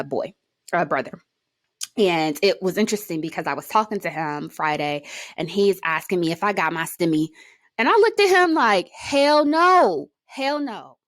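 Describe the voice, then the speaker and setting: A woman's voice: deep voice, no room sound. A woman giving casual commentary on a news story, emotional and outspoken, swearing freely. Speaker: commentary vlogger.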